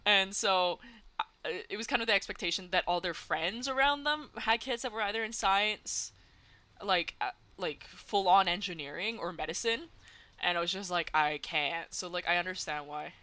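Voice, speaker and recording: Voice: mid-range voice, lively intonation, normal speed, sharp tone. A young adult streamer from Canada chatting casually while gaming, giggling often and filling talk with "like". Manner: chatty, giggly, many "like" fillers.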